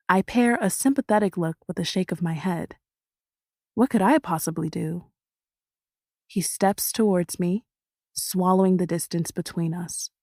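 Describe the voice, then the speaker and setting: A woman reading a first-person audiobook in a steady, expressive storytelling manner. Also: on the low side, moderate pace, dry recording, clean studio sound. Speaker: audiobook narrator.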